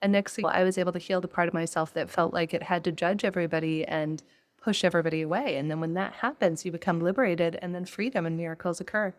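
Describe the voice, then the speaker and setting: A woman's voice: fairly low pitch, fairly even intonation, fast. A woman hosting a podcast, speaking in an earnest, reflective, conversational way. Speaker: podcast host. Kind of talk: casual chat.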